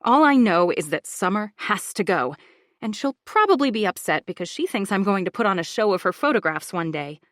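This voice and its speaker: A woman narrating a first-person thriller audiobook with an expressive, emotional delivery. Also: medium pitch, fairly quick, no room sound, clean studio sound.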